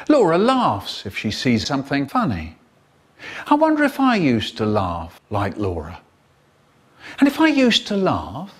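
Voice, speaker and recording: Theatrical storyteller man, slow and lively. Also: mid-range voice, husky. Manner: theatrical, with playful mock voices and exaggerated timing. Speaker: children's poet and storyteller. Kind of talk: performing poems and stories, chopped into a comic remix.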